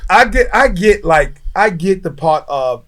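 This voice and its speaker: A man who owns a martial arts school, telling profane, animated stories in a casual podcast discussion, often stammering as he restarts. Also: high-pitched, unhurried.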